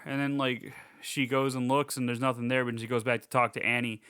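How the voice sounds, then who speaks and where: A man's voice: medium pitch, level tone, a little fast, a bit bright, smooth, no echo, clean studio sound. A man co-hosting a podcast, casually recapping a horror film, swearing, laughing, and acting out the characters' lines. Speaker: podcast co-host. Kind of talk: casual movie recap chat.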